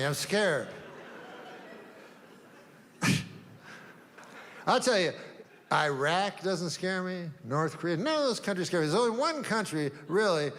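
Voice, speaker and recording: An older man doing a deadpan stand-up set, rambling through long setups with drawn-out pauses and sudden asides. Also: a little high, big-room sound. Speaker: stand-up comedian.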